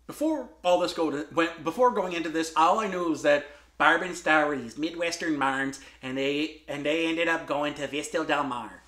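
A man's voice: fairly high pitch, normal speed, fairly bright tone. A man hosting a movie review show, talking casually with many fillers and restarts. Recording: roomy room.

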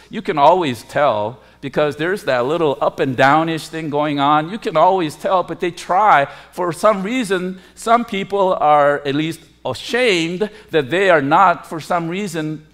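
Man, pastor, sermon, high-pitched, slow and deliberate, emphatic preaching. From lived in Korea. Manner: emphatic preaching with rising, forceful peaks.

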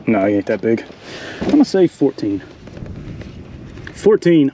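A man, chatting excitedly to the camera while fishing in a marsh from a small boat. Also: mid-range voice, measured pace, pauses often, muffled recording, a little hiss or hum. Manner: excitable, talks to the animals and the viewers. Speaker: fishing vlogger. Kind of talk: casual running commentary while fishing. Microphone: action camera mic.

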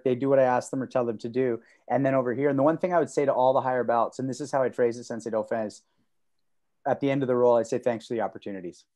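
Man, podcast co-host, mellow voice, lively storytelling, video call. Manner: animated storyteller who acts out quotes with sudden loud high bursts. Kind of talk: casual conversation on a video call.

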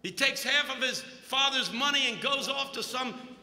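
A man's voice: very high-pitched, moderate pace. A man preaching a humorous sermon at a conference, telling stories with jokes in an echoey hall. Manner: joking, animated storytelling. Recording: echoey hall, long reverb.

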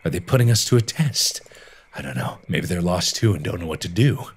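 A man's voice: expressive, fairly quick, husky. Man voicing a muttering paranoid mud-caked doctor. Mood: brooding, muttering. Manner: hushed, low muttering. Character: sleepless mud-covered male doctor, rambling and paranoid.

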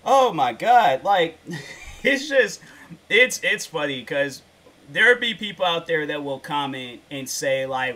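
A man's voice: high voice, big pitch swings, slow, pushed and bright. A man ranting casually as a YouTuber, rambling with lots of "like" and restarts, and turning insistent when he makes a point. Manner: rambling, slangy, full of "like" and restarts. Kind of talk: casual rant.

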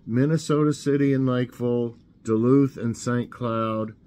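A man hosting a casual trivia show, reading questions aloud and thinking out loud as he guesses. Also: mid-range voice, fairly even intonation, normal speed. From Tennessee. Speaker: host.

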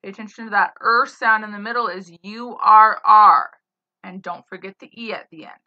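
A woman teaching spelling, saying each word slowly, spelling it letter by letter and using it in a sentence. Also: medium pitch, fairly even intonation, pushed and bright. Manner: spells words letter by letter, then gives example sentences. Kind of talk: slow dictation of spelling words. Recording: slightly dull lo-fi sound.

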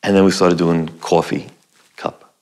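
Low-pitched and darkish in tone, this middle-aged man talks a little slowly with a flat delivery. An acting teacher, he shares a personal story to camera in a conversational way, performing his own past lines.

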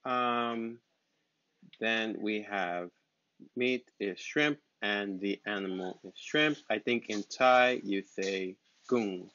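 Slow, patient man teaching words. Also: lowish voice, sharp tone, dry recording. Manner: repeats words slowly and patiently. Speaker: English teacher. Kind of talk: slow, simple vocabulary lesson. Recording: dull, lo-fi sound.

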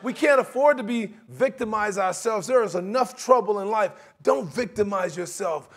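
Animated man preaching a sermon. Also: high voice, moderate pace, husky. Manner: animated, conversational preaching with acted-out quotes and laughter.

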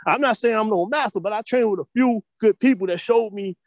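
High-voiced man, blunt and profane. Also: a little fast, no room sound, dull audio. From US East Coast. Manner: animated, profane street slang, repeats "you know what I'm saying". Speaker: martial arts teacher, interview guest. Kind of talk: casual interview talk.

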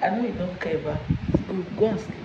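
A woman's voice: fairly low pitch, brisk, dark tone. Tearful sulky woman. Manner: sulky, whiny, laughing through tears. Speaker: wife. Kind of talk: casual late-night talk. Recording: echoey, muffled phone video with noise.

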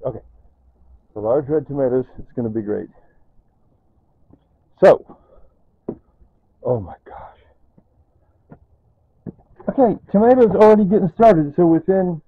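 An older man vlogging casually at home, excitedly showing his tomato plants and repeating exclamations, filmed on a camera held close. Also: medium pitch, breathy edge, dry recording. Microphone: phone camera held close. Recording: dry tinny phone-like audio.

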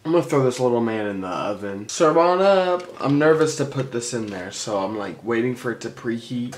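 A young man chatting excitedly while he makes a craft project in a casual vlog. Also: medium pitch, brisk, hardly any pauses, a little hiss or hum. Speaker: craft vlogger.

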